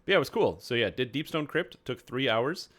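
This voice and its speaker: A man's voice: mid-range voice, expressive, fairly quick, a bit bright. A man chatting casually on his game stream, telling a rambling story full of fillers.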